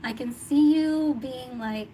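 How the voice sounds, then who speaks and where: Woman doing a chatty tarot reading, slow and a bit high, some noise behind her. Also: mellow, poor audio. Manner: chatty, laughs often, thinks aloud. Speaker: tarot reader. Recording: noticeable background noise.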